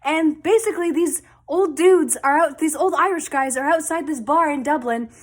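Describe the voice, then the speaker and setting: High-voiced woman telling a story. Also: moderate pace. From Canada. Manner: chatty, animated retelling with quoted dialogue. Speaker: vlogger. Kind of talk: casual storytelling.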